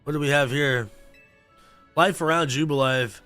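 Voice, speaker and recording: A man's voice: fairly high pitch, moderate pace, bright, forceful tone, soft background music. A young man livestreaming a game, chatting casually and reading game text aloud with offhand reactions, sleepy and yawning. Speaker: gaming streamer.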